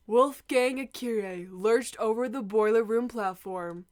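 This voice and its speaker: A woman's voice: on the high side, takes it slowly, hardly any pauses, darkish tone. A woman playing a murder-mystery game, reading narration aloud and breaking into shrieking emotional reactions. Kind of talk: let's play commentary with read-aloud narration.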